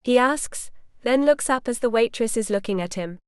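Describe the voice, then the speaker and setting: Clear-voiced woman narrating a romance. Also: medium pitch, normal speed, hardly any pauses, dry recording, clean studio sound. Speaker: audiobook narrator. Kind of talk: scripted first-person narration.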